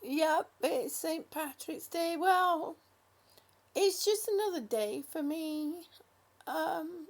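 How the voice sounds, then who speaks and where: Hosting a laid-back livestream, a woman reads out comments from her viewers. She speaks in a high voice at an unhurried pace, warmly calling people honey and sweetie.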